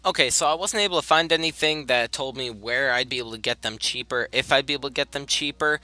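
Rambling young man with a bright voice. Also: mid-range voice, fast talker, soft background music. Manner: rambling, easily sidetracked, apologetic. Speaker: gaming video host. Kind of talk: casual let's-play commentary.

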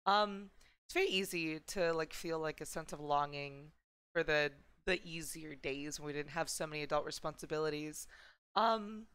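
A woman's voice: deep voice, normal speed, a bit bright, clear, resonant tone, no echo. A woman streaming a video game, chatting casually and affectionately with her viewers in playful slang. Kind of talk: casual gameplay chat.

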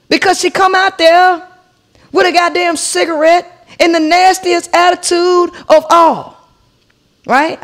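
A woman in her forties hosting a podcast, telling a profane comic story in an animated rant and addressing her listeners directly. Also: extremely high pitch, vocal fry. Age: 40s. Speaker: podcast host.

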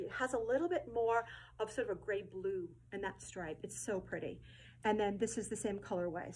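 A woman's voice: medium pitch, a little mellow, slight background noise, poor audio. Effusive woman gushing over fabrics. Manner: effusive, gushing, repeats words, many ums. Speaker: host presenting fabric collection. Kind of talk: casual product showcase.

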